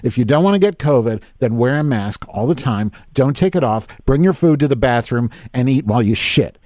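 A man's voice: mid-range voice, lively intonation, fairly quick, mellow, dry recording. Podcast host, male, fifties, profane exasperated rant, dry close sound. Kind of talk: casual live-stream rant.

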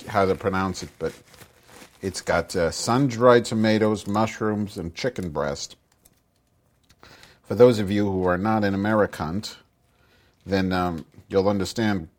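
A man voicing a cranky, foul-mouthed middle-aged woman who hosts a podcast and grumbles through profane, rambling rants in a comic monologue. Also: low-pitched. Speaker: podcast host.

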